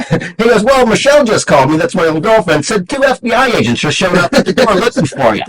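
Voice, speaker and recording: A man's voice: high-pitched, quick pace, rough recording. A man telling a story in a casual chat, acting out the dialogue as he goes. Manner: animated anecdote with acted-out dialogue. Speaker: show regular telling a story.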